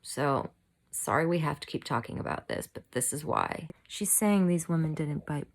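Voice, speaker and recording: Woman, fired-up commentary vlogger; low, gravelly voice, furious and shaky. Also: measured pace. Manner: heated, fired-up ranting. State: shaking with anger. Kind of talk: angry personal commentary. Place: home room, bad lighting.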